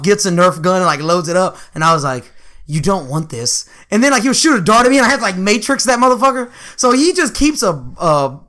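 A man telling stories in casual chat, profane and animated, slipping into voices for the people in his tales. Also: high voice.

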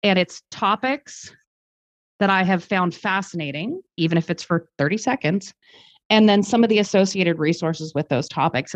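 On a conversational podcast interview, a guest speaker who lives in Germany reflects aloud in a lowish voice, articulate yet stopping to rephrase and leaning on fillers. The sound is dry and a bit dull, with no room sound at all.

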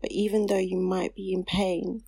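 A woman's voice: mid-range voice, level tone, normal speed, dark tone, husky, no room sound. A woman on a casual chat show, reading aloud a heartfelt letter she wrote to her younger self. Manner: heartfelt, turns tearful and laughing while reading.

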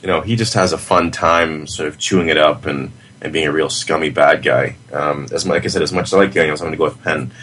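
A man co-hosting a podcast, giving measured, earnest opinions about a movie in casual chat. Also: very deep voice, steady tone, a bit bright, husky. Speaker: podcast co-host. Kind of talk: casual film review chat.

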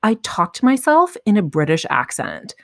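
A woman's voice: on the low side, wildly swooping pitch, moderate pace, creaky, a bit bright, no echo, studio quality. A woman hosting a podcast, chatting candidly and with self-mocking humor, with casual swearing. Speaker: podcast host. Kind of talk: casual chat.

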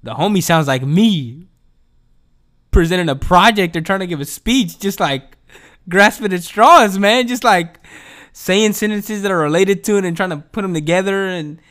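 Podcast host, male. Pitched a bit high, cusses freely, rambles, and swings between mumbling and loud fired-up bursts. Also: moderate pace. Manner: profane, rambling, swings from mumbling to excited outbursts. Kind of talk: casual solo podcast rant. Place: home.

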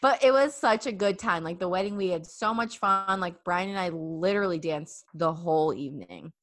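A young woman in her twenties telling a story in casual chat, animated and full of fillers. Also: on the low side, moderate pace.

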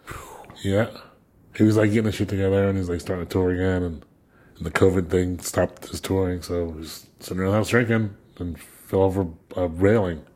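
A man with a somewhat low, husky voice tells anecdotes in a relaxed conversation. He laughs often and restarts his sentences as he goes. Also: brisk. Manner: animated storyteller, laughs a lot, repeats words. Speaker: guest musician. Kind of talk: casual storytelling chat.

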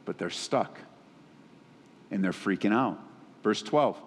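A man preaching a sermon as a pastor, often sinking into low, quiet tones for emphasis. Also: lively intonation, takes it slowly, long pauses, breathy edge. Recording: long reverb of a large hall.

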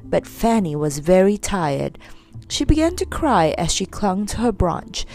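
Animated woman reading a storybook. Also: medium pitch, a little slow, creaky, faint music behind. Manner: expressive, animated.

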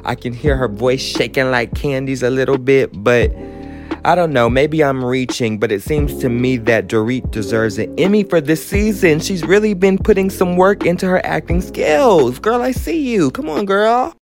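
A woman's voice: rumbling low, moderate pace, music in the background. A woman hosting a casual comedic recap of a reality show, sassy and profane, with sing-song asides.

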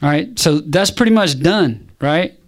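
A man preaching a sermon, animated and punchy, firing rhetorical questions and calls back to the congregation. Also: on the high side, a little slow.

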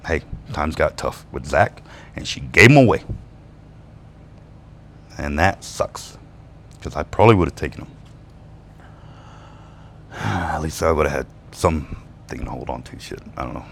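A man's voice: extremely low pitch, gravelly, slight background noise. A man telling a rambling personal story to camera, profane and laughing between lines, swinging between bitter and wistful. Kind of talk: casual personal storytelling monologue.

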